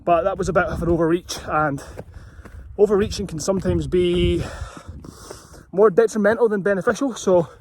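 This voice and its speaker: A Scottish running vlogger films himself climbing a steep hill outdoors, chatting casually, getting breathy and marveling at the view. His voice sits high with a darkish tone at normal speed, over slight background noise.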